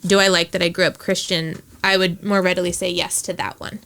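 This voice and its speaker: A woman's voice: on the low side, level tone, a little fast, creaky, a bit bright. A woman guest on a podcast, speaking thoughtfully with some hesitation and many short yeahs. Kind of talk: casual chat.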